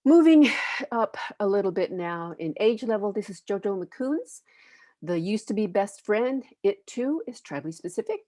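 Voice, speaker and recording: A woman from the United States, a panelist and educator, presenting children's books in a reflective, earnest way, often pausing to find her words. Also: mid-range voice, very animated, warm tone, no echo.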